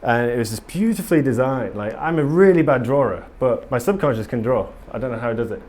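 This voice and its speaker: Before a live audience in a conference room, a man gives a casual talk in a fast, lively, medium-pitched voice that's a little mellow. He rambles earnestly with frequent ums and restarts, and there's slight background noise.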